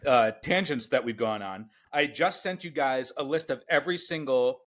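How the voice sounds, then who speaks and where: A man co-hosting a podcast, chatting casually and steering the conversation in a relaxed way. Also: medium pitch, normal speed. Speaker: podcast co-host. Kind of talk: casual chat.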